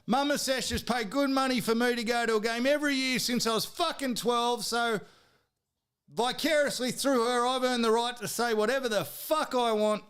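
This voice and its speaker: Australian male podcast host, high smooth voice, heated sweary rant with bursts of shouting. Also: moderate pace. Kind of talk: profane sports rant.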